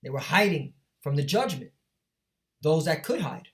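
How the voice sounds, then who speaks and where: With lively intonation and a fairly high pitch, this man preaches on the street at a moderate pace. He reads scripture aloud emphatically, stopping to check on the listener, and peppers his teaching with "all right?" and "man."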